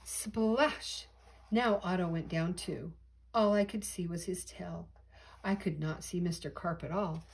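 Grandma reading a kids book, breathy voice, lots of expression. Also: female voice, lowish voice, fairly even intonation, normal speed, darkish tone, poor audio. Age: older. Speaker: storyteller. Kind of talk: storybook read-aloud.

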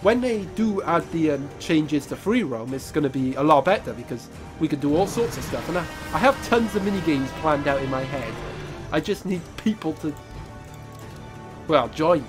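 A man's voice: on the high side, lively intonation, normal speed, music in the background. A man with a congested, nasal voice from a cold, giving chatty gameplay commentary and exclaiming at mishaps. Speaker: gaming YouTuber.

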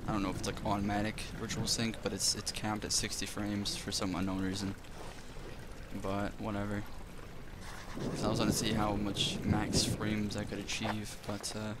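A man's voice: fairly low pitch, monotone, normal speed. Jittery man in noisy game commentary. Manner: nervous, rambling, frequent frightened muttering. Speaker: let's play gamer.

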